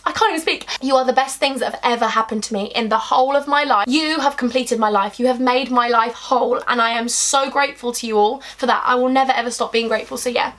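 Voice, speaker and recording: A young woman in her twenties talks straight to camera in a heartfelt advice vlog. Her voice sits high, and she sounds earnest and openly emotional, speaking to her viewers with warm affection. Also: fast, hardly any pauses. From England. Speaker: YouTuber.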